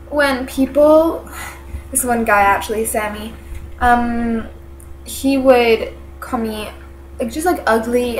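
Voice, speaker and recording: A teenage woman vlogger, congested, telling a personal story to camera in a halting, earnest way full of fillers. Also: on the high side, a little hiss or hum. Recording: echoey room.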